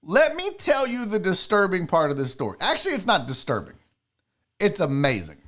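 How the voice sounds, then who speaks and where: A man's voice: high voice, a little fast. A man hosting a live sports and entertainment stream, ranting casually to his chat with lots of swearing. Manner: profane, animated, talks to chat viewers. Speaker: podcast host.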